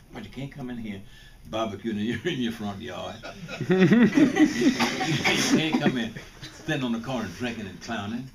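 An older man from Mississippi, talking bluntly and informally to students, often restarting and repeating his words. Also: fairly low pitch. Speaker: guest speaker. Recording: distant mic with faint background noise.

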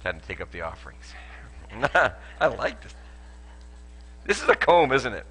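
A man's voice: mid-range voice, sing-song, normal speed, fairly bright tone, husky, rough recording. A man, a pastor giving a playful sermon with a live demonstration, joking and laughing often with lots of restarts, in a church auditorium.

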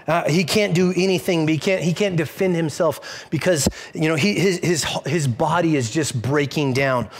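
A man's voice: on the high side, normal speed. A man preaching a sermon in a loose, conversational way, often restarting his phrases and acting out little asides. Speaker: pastor. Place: church service streamed online.

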